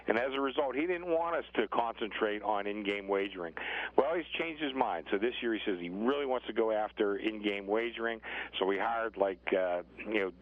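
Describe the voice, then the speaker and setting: Older male guest, lowish voice, relaxed chatty podcast talk, quick to laugh. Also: narrow, tinny audio. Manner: chatty, easygoing, laughs often. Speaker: sportsbook director, guest. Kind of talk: casual podcast interview.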